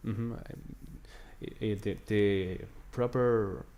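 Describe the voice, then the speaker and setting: Low-voiced Chilean man, hesitant English. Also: fairly even intonation, extremely slow, mellow. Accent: Chilean Spanish. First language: Spanish. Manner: hesitant, searching for English words. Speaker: language exchange partner. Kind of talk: casual video chat. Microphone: video call.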